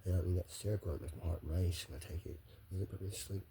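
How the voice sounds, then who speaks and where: A man's voice: sits low, steady tone, fast, dark tone, a little hiss or hum. A man talking straight to the camera in a rambling personal monologue, circling back on the same phrases again and again.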